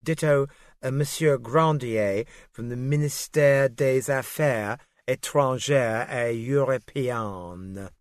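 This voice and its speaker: A man voicing a prim, aloof female secretary with a posh English accent, speaking in a clipped, quiet way. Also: mid-range voice, takes it slowly, dry recording, studio quality, lightly acted.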